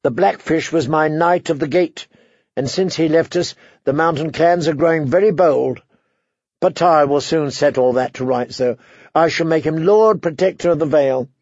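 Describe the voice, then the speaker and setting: A man's voice: fairly high pitch, normal speed, a little mellow, no room sound, dull audio. Man voicing a bitter, self-pitying noble aunt. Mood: scornful.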